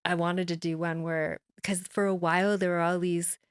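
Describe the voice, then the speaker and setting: A woman's voice: lowish voice, flat delivery, moderate pace, smooth, no room sound, studio quality. Laughing, rambling woman guest. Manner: rambling, self-deprecating, laughs often. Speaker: guest musician. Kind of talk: casual interview chat.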